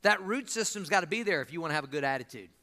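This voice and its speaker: A man's voice: on the high side, lively intonation, racing, bright, forceful tone. A man in his fifties preaching a sermon as a pastor, folksy and emphatic, repeating his key lines. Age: 50s.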